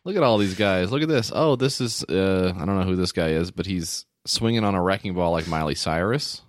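A man's voice: deep voice, brisk, no room sound, clean studio sound. A man co-hosting a podcast in loose, casual chat, full of "like" fillers and reading text aloud. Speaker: podcast co-host.

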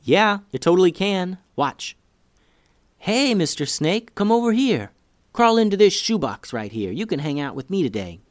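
A man doing a high, panicky young boy. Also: big pitch swings, normal speed, no room sound, studio quality. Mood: boastful. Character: excitable young boy, dramatic and boastful. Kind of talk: storytelling podcast.

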